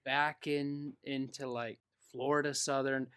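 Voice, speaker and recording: Male co-host, loud swearing ranter, bright tone, dry close recording. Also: medium pitch, level tone, measured pace, clean tone, dry recording. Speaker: podcast co-host. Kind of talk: casual chat.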